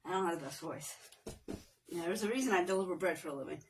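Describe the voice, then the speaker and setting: A woman's voice: fairly low pitch, fast, distant mic, a little hiss or hum. A woman hosting a live workout, chatting and joking with viewers while counting reps aloud and working through the exercises. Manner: breaks into playful off-key singing. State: exercising, at times strained. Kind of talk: casual livestream workout chat.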